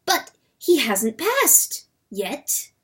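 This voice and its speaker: Eerie cock's-crow chorus played by a woman, high and uncanny, for a storybook reading. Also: wildly swooping pitch, drawn-out words, fairly bright tone, breathy edge, full character voice.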